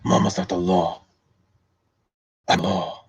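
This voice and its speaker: A stern lawman played by a man growls short, clipped lines, low and very quiet. The recording is dull and dry. He sounds terse and menacing. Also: flat delivery, slow pace, slightly rough, dry recording, heavily acted. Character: stern gravelly male future lawman.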